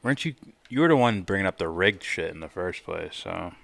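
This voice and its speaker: A man's voice: deep voice, expressive, brisk, creaky, no room sound. A man hosting a live stream, casually reacting and reading viewer comments aloud with loose, profane asides. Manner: loose, profane, thinking out loud.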